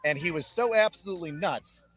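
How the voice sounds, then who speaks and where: Upbeat drill sergeant telling stories. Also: male voice, brisk, a little hiss or hum. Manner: upbeat, animated, recruiting pitch. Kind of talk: interview storytelling.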